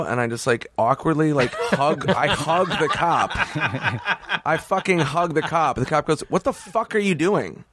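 A man's voice: medium pitch, no echo. A man who is a comedian guest, telling swear-filled stories on a casual podcast and acting out the voices of the people in them. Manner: animated, swears a lot, acts out voices in stories.

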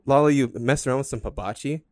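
A man's voice: medium pitch, quick pace, dry recording, studio quality. A young man co-hosting a casual podcast chat, joking around and laughing often. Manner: giggly, laughs often, jokey. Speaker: podcast co-host.

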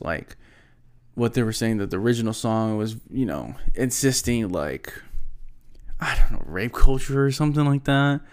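A man in casual commentary, reading song lyrics aloud and reacting with rambling disbelief and many fillers. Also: mid-range voice.

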